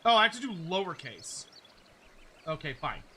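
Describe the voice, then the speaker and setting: A man's voice: high voice, sing-song, moderate pace, sharp tone, a little hiss or hum. A man streaming a game, chatting casually and joking, often stopping and restarting his sentences. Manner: rambling, joking, self-interrupting. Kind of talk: casual gaming commentary. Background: game music.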